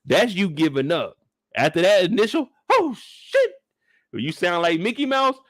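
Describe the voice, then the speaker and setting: Young male streamer, high and bouncy, comic and profane, dry close sound. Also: moderate pace, no echo. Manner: animated, profane, comic riffing; acts out scenes in shouted bursts. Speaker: streamer reviewing a TV episode. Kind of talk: live recap commentary.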